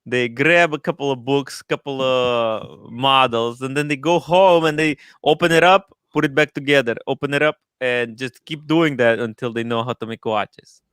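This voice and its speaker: A mock-serious Russian-accented bloke, as a man puts him on, delivered in a smooth, resonant voice. The sound is close and dry, with the playful rhythm of a livestream comic bit. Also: medium pitch, moderate pace, fairly bright tone, no echo, lightly acted. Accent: put-on Russian accent. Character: man putting on a jokey stereotyped Russian voice.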